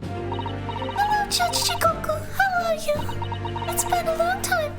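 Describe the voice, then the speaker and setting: A woman's voice: extremely high pitch, slow, pitched above the performer's own voice. A woman voicing a polite, earnest young woman assistant in a formal, courteous manner while reading game dialogue aloud. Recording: loud game music behind.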